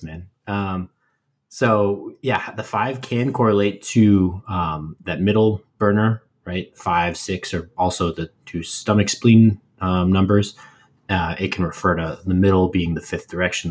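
Low husky guy chatting about theory, laid back and jokey. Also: unhurried. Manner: relaxed, explanatory, playful asides. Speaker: podcast co-host. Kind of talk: casual educational chat.

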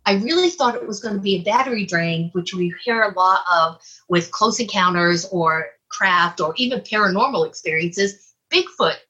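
A woman casually recounting a personal encounter as an investigator, animated and acting out her own reactions. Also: medium pitch, moderate pace, slightly rough, highs cut off. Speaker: guest, UFO investigator. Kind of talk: casual storytelling.

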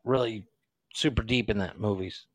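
A man's voice: fairly low pitch, normal speed, dry recording. A man co-hosting a podcast, joking loosely, laughing often and swearing freely. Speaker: podcast co-host. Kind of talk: casual banter.

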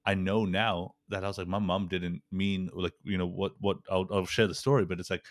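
Very deep-voiced man hosting a podcast. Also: flat delivery, brisk, no echo, clean studio sound. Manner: rambling storytelling with frequent restarts and "like". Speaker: podcast host. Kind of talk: casual conversational interview.

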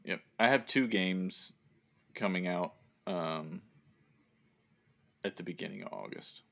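A man's voice: sits low, takes it slowly, creaky, a bit bright. A man with a light Southern American accent, co-hosting a casual gaming podcast in a laid-back way, often trailing off. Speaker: podcast co-host.

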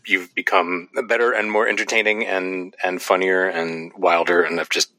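A man with a very low yet bright voice speaks as a podcast guest. He talks haltingly, restarting phrases while he searches for words, on a dry recording. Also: little pitch movement, no room sound. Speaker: podcast guest, comics writer. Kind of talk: casual chat.

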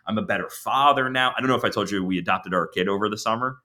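Candid, animated man with bright voice. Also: fairly low pitch, quick pace. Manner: candid, animated storyteller with frequent restarts. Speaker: counselor supervisor, podcast guest. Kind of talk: casual podcast chat.

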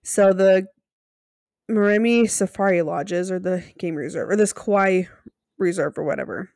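A woman's voice: mid-range voice, a little slow, a little mellow, no room sound, studio quality. A woman co-hosting a podcast, chatting casually and laughing often as she retells events. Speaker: podcast co-host. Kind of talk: casual recap chat.

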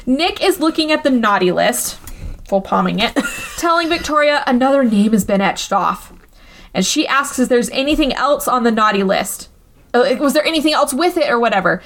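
A woman hosting a podcast, recapping a movie in a casual, comedic way. She is animated and swears freely. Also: fairly high pitch, fairly quick. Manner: animated and profane, acts out quotes.

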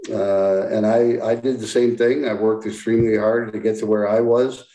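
Mellow-voiced man in his sixties, echoey. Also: lowish voice, level tone. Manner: plain-spoken, halting, reflective. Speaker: interview guest, former hockey player. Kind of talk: casual interview talk.

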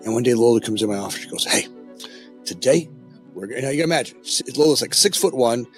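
A man's voice: mid-range voice, animated, very fast, faint music behind. A middle-aged man talking candidly as a company founder in a podcast interview, often tagging his points with "right?".

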